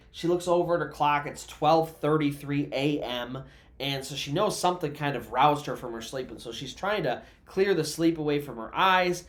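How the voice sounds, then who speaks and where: A man narrating a true story in a casual, conversational way, with asides to the listener and everyday fillers. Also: fairly high pitch.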